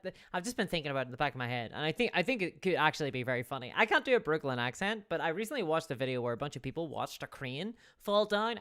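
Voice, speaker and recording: A woman's voice: low voice, fairly bright tone, clear, resonant tone. A woman hosting a live stream, chatting casually, rambling with restarts and thanking viewers for donations. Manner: rambling, with frequent restarts and fillers.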